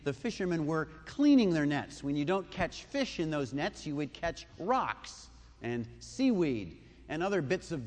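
A man's voice: fairly high pitch, in a large hall. A man preaching a sermon, retelling a story conversationally with asides and questions to the listeners. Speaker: pastor.

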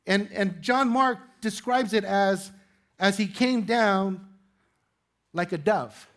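A male pastor with a high voice preaches to his church in an easy, conversational way. He asks his listeners rhetorical questions and adds light humor. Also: slow, fairly bright tone. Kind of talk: sermon. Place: church sanctuary with congregation.

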